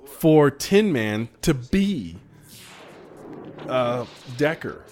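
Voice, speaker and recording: A man co-hosting a casual film commentary, chatty and quick to laugh, with excited asides. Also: mid-range voice, a little hiss or hum.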